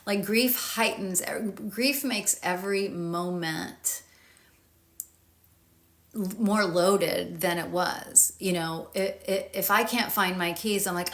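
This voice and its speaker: Frank, low-voiced woman author. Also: slow, a bit bright. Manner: frank and informal, swears freely; thinks aloud with fillers and restarts. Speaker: author reading from and discussing her grief guide. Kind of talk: candid talk to camera.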